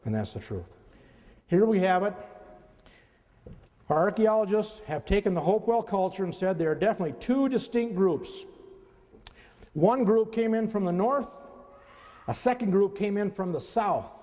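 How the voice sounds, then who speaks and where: A man's voice: high-pitched, moderate pace, pauses often, mellow. A man giving a slide lecture to an audience in a conversational way, often turning to the listeners with questions. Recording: long reverb of a hall.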